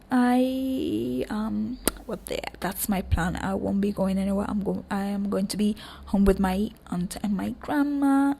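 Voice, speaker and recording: A young woman hosting a casual solo podcast, her voice hoarse and cracking, rambling with frequent ums and offering warm affirmations to listeners. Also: mid-range voice. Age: young adult. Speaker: podcast host.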